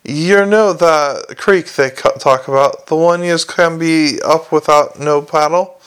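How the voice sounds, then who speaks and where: A man's voice: a little high, fairly even intonation, slow pace, a bit bright, clear, resonant tone. A man reading aloud and voicing a tiny, fierce, mercenary male gnome. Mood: blunt.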